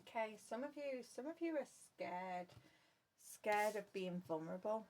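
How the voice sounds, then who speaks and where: In an animated mid-range voice with a darkish tone, this tarot reader talks at a moderate pace over a little hiss or hum. She reads for her viewers earnestly, circling back to the same phrases and addressing each listener as "love."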